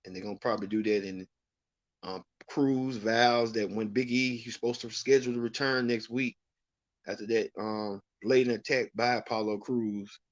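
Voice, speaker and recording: A man's voice: on the low side, fairly even intonation, moderate pace, no echo, highs cut off. A man hosting a wrestling recap show, giving rambling, opinionated commentary with frequent restarts. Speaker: host.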